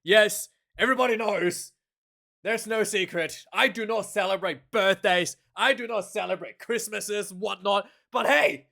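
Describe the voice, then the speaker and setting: A young man talks rugby in a loose, rambling way, laughing between thoughts and restarting his sentences. His voice sits fairly high for a man. He sounds like he is speaking straight to camera into a desk mic. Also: unhurried, gravelly, pushed and bright. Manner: chatty, laughs often, many fillers and restarts. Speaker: rugby commentator and channel host. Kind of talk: casual rambling commentary.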